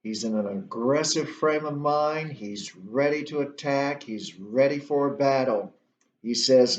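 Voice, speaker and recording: Slow, deliberate male literature instructor. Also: medium pitch. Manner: slow, deliberate explaining with many uhs. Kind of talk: recorded literature lecture. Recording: roomy, muffled lo-fi recording.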